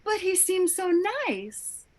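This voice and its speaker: A chirpy, naive woman with no memory, as an actress plays her, speaking in a high voice that swoops around. She talks slowly and with wonder. It is a live play reading over a video call. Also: a little hiss or hum, full character voice. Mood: puzzled. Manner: bright, wondering, animated.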